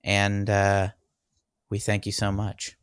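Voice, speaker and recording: Low-voiced guy hosting a podcast, chill and casual, dry close mic. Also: monotone, takes it slowly, clean tone, dry recording. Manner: laid-back, leads segments and thanks patrons. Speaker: podcast host. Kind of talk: casual chat.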